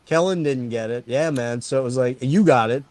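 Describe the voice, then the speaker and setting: A man hosting a casual stream, telling stories to his friends in an excited, profane way. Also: medium pitch, a little fast, no echo. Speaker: stream host. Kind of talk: casual chat storytelling.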